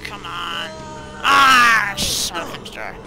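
Goofy man with a lively voice. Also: sits high, slow pace, creaky, low-quality recording. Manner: goofy, joking, laughs often, sudden yelps. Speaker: game player. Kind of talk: let's play commentary. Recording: voice over loud game music. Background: game music.

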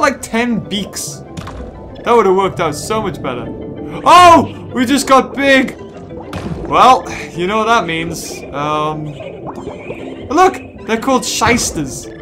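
A gaming host giving excitable let's play commentary, full of squealing exclamations. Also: medium pitch. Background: game music.

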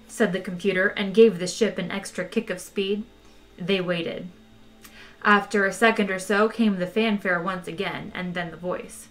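A woman reading a novel aloud, expressive and unhurried. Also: mid-range voice. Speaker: audiobook reader. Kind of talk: storybook narration.

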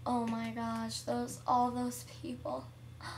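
A young girl giving casual, chatty commentary over her own gameplay at home, excitable and shrieking at surprises. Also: fairly high pitch, slow pace, far from the mic, heavy background noise. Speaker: gameplay vlogger.

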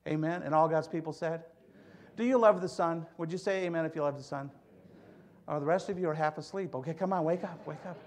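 A man's voice: a little high, a little fast. A middle-aged man from Michigan preaching a conversational sermon as pastor, telling stories and prodding the congregation for amens. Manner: chatty storytelling, prods the congregation for amens. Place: church sanctuary.

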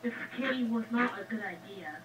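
Woman in a game roleplay, really high voice, dry teasing lines, noisy far-off mic. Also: moderate pace. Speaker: co-player in role-play. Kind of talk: casual game role-play.

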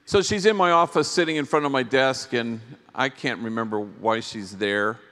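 A priest giving a reflective storytelling talk to a conference audience, unhurried, with long pauses between phrases. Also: male voice, medium pitch, pushed and bright. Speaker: priest and speaker. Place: large conference hall. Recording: long reverb of a big hall.

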